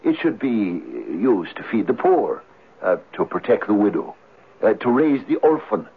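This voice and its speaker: A hesitant husky Irish farmer. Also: male voice, on the low side, very animated, measured pace, heavily acted. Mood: earnest. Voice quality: hesitant, many 'uh's. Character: poor earnest Irish farmer, hesitant, idealistic. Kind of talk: 1970s radio drama acting. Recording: tinny lo-fi old radio broadcast.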